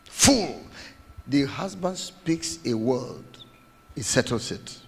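Slow-preaching man in a reverberant hall. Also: medium pitch, big pitch swings, creaky, fairly bright tone, breathy edge. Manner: emphatic preaching with repeated phrases and acted quotes. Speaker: pastor. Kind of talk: sermon.

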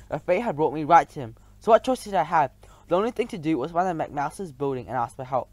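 A man's voice: fairly high pitch, a little mellow. A man reading a first-person children's story aloud, now and then stumbling and restarting words. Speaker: audiobook reader.

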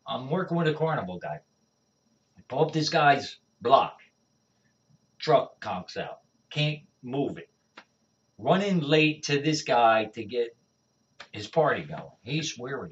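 A man speaking as an evangelist, telling stories of his faith in an animated, conversational way and often checking in with "all right?". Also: mid-range voice. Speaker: evangelist guest. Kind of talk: conversational testimony. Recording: dull distant lo-fi sound.

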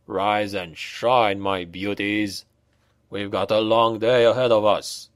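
A man doing a stern gruff sergeant. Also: steady tone, no room sound, clean studio sound. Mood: gruffly rousing. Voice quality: gruff, low and slow. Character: stern hard-driving male soldier sergeant.

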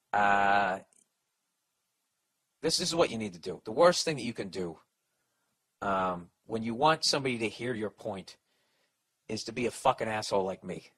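A man's voice: on the low side, expressive, normal speed, long pauses, a bit bright. Profane, rambling male comedian ranting. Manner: restarts and mock voices for people in stories. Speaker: comedian podcast host. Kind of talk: ranting advice podcast.

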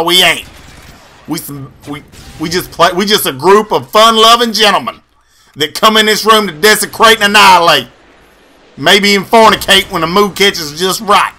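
A man giving loud, profane gameplay commentary full of boisterous trash talk and yells. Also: sits high. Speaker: gamer and video host.

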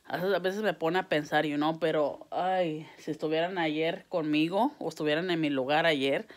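A woman vlogger vents to camera in a casual, exasperated and heated way, swearing and switching languages mid-sentence with English. Her voice is deep with a steady tone, and she speaks a little fast.

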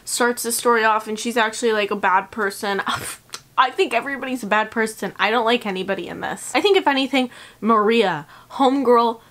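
A young woman vlogging a casual, sarcastic book review, swearing freely and acting out the characters in quick quoted voices. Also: fairly high pitch, fairly bright tone.

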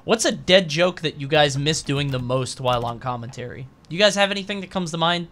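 A man co-hosting a casual gaming podcast, talking loosely and quick to laugh along and concede points. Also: a little high, expressive, a bit bright. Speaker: podcast co-host, commentator. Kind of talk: casual chat.

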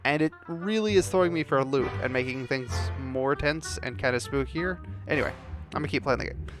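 A man's voice: mid-range voice, a little fast, over music. A man giving casual, rambling commentary while he plays a game, with lots of "like" and restarts. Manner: rambling, full of fillers and restarts. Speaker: let's play host.

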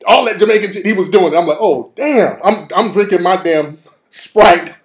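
Brief: lively, high-pitched male host telling funny stories, echoey room. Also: normal speed. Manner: animated, profane, laughing. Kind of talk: comedic storytelling. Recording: roomy echo.

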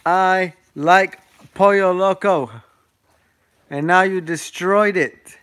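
Male live streamer on a phone, casual and chatty, unhurried delivery. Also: high-pitched, a bit bright, clear, resonant tone. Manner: chatty, laughing, calls out to dogs.

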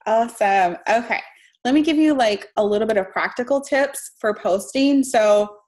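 A woman's voice: fairly high pitch, normal speed, darkish tone. A young woman mentoring on a live stream, chatty and heartfelt, laughing between phrases. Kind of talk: casual live-stream teaching.

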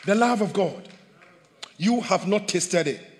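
A man preaching a sermon as pastor, animated, swinging between loud bursts and hushed asides. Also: high-pitched, slow pace, in a large hall. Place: church hall.

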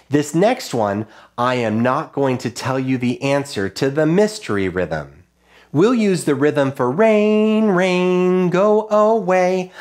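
A man teaching a children's music lesson, patiently chanting rhythm syllables and talking them through drawing rhythms. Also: medium pitch.

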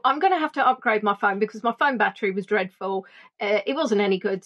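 A woman tour guide chatting through a playful, animated reminiscing monologue. She jumps between voices to act out what people said. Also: a little high, lo-fi sound. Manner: animated, playful, acts out quotes in funny voices.

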